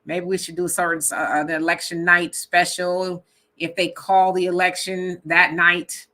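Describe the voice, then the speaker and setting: A woman hosts a casual live stream, reading viewer comments aloud one after another. Her voice is bright and forward, and her delivery is animated, with frequent laughter. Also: on the low side, normal speed. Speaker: host reading live chat.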